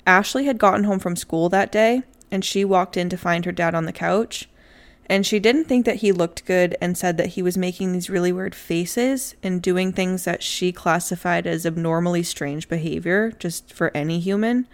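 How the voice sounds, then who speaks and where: Young woman, low-ish voice, laid-back true crime storyteller, chatty. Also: normal speed. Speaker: podcast co-host narrating a true crime case. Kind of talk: casual chat, telling a story.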